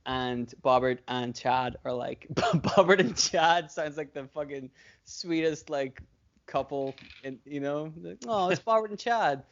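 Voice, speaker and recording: Male podcast co-host, mid-pitched, rambly and profane, laughs a lot; dull lo-fi recording. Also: slow pace. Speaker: podcast co-host booking wrestling shows. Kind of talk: casual chat.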